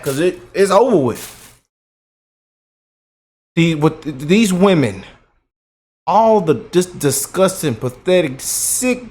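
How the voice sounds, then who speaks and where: Guy ranting on his reaction vlog, mocking, emphatic, keeps repeating stuff. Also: sits high. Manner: animated, mocking, emphatic with repetitions. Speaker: YouTube commentator.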